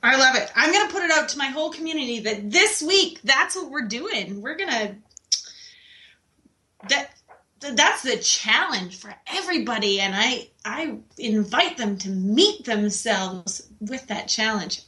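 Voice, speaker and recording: A woman's voice: a little high, lively intonation, measured pace, pushed and bright. A woman hosting a podcast, talking casually in an upbeat, enthusiastic way. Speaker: podcast host.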